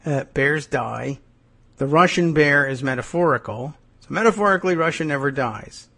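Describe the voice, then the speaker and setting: A man's voice: on the high side, normal speed, creaky, sharp tone. A man hosting a podcast, musing wryly through political commentary with frequent hesitations and dry asides. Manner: wry, musing, sardonic with frequent "uh" and "I guess". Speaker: podcast host.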